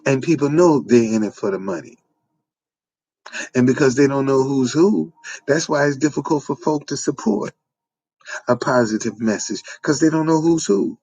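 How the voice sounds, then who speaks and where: A man's voice: mid-range voice, lively intonation, normal speed, gravelly, darkish tone, no room sound. A man, delivering an informal preaching monologue with repetitive, emphatic phrasing. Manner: repetitive, emphatic, folksy street-preacher cadence. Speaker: online preacher.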